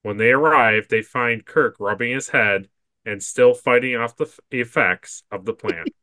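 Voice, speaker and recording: A man's voice: mid-range voice, a little slow, pushed and bright, no room sound. A man co-hosting a podcast, chatting casually with a friend and reading plot summaries aloud, laughing often and stammering when he gives his own opinions. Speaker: podcast co-host. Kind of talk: casual chat and reading episode recaps.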